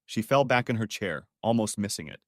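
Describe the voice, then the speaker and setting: A man's voice: lowish voice, fairly quick, no room sound, studio quality. A man narrating a dramatic story as an audiobook reader. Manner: expressive storytelling.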